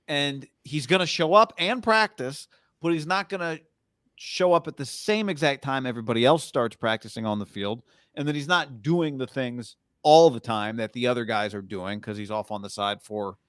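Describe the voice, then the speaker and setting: A man co-hosting a sports podcast, talking in a measured, conversational way as he thinks aloud. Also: medium pitch, a bit bright, no echo, studio quality. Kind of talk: casual sports talk.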